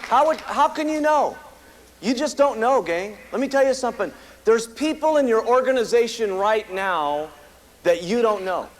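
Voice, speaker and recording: A company founder, an American man, tells stories at a company meeting in an emphatic, repetitive motivational speech before a live audience. He speaks at a moderate pace in a very high-pitched, animated voice, with a noisy background behind him.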